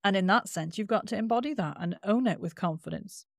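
A woman with a Northern Irish accent and a nasal twang, a voice coach explaining things in an interview with lively demonstrations. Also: medium pitch, a little fast, vocal fry, no room sound, studio quality. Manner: animated, demonstrates with sung-out sounds.

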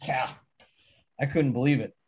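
A man's voice: on the high side, moderate pace, a little mellow, dull audio, a little hiss or hum. A man telling backstage touring stories in a casual chat, often laughing and acting out quotes. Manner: laughing anecdotes, acts out quotes. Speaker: touring stagehand.

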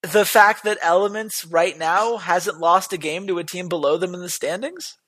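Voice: mid-range voice, moderate pace. A podcast co-host in casual, argumentative chat about esports betting. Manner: animated, argumentative.

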